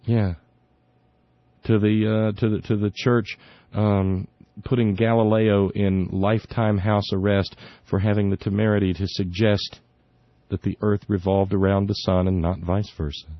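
Guy on talk radio ranting about politics, sarcastic and fired up, kinda low voice, muffled dry lo-fi sound. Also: little pitch movement, unhurried, no echo. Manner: indignant, sarcastic, stumbling restarts. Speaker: radio talk show host. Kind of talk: opinionated political commentary. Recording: dull lo-fi dry recording.

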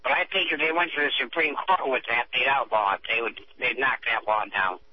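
A man's voice: mid-range voice, brisk, muffled recording, a little hiss or hum. A man speaking on a call-in radio show, folksy and opinionated.

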